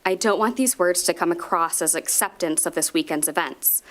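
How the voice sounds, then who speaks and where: A woman's voice: fairly low pitch, normal speed. A woman speaking as a parent during public comment at a school board meeting, giving earnest personal testimony with some fillers.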